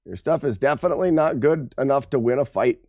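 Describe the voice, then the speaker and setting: Gravelly guy streaming a game, bouncy pitch, trash talking chat, slow and easy. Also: expressive, darkish tone. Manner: playful trash talk. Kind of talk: live gameplay commentary to chat.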